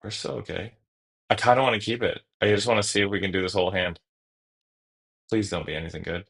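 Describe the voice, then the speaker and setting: A man streaming a card game, talking through each move out loud in a casual, self-correcting way. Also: deep voice, steady tone, fast, gravelly, poor audio. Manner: thinks aloud through each move, casual, trailing restarts. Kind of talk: live-stream gameplay commentary.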